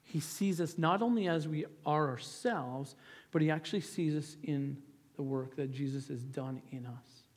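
A man's voice: fairly high pitch, normal speed, a little mellow. A male pastor giving an earnest, conversational sermon, often restarting his sentences. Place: church sanctuary. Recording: hall reverb, church sanctuary.

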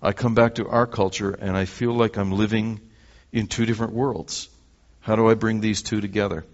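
A man's voice: on the low side, level tone, normal speed, dull audio. A Canadian man preaching a sermon, telling a story and acting out the dialogue.

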